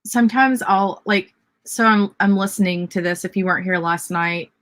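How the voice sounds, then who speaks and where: A woman with a Southern accent runs a casual livestream writing sprint, speaking at a moderate pace with a medium-pitched, slightly bright voice. Chatty throughout, she encourages viewers on their word counts and cheers their comments.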